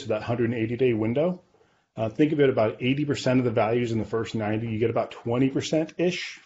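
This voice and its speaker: A man's voice: medium pitch, a little mellow, muffled recording. Businesslike man explaining his data. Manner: confident, businesslike, frequent "right?" and "okay". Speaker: guest, real estate data company leader. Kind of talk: podcast interview, explaining.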